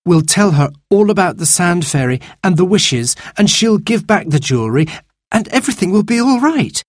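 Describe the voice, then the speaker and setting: A man voicing an earnest young girl, the eldest sister, in a storybook reading, pleading and bright. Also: high-pitched, very animated, moderate pace, no echo, studio quality, pitched above the performer's own voice.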